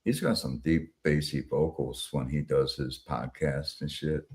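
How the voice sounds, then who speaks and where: A man with an extremely low voice hosts a live stream at a slow, unhurried pace. He rambles loosely with plenty of fillers and casual swearing. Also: fairly even intonation, a little mellow.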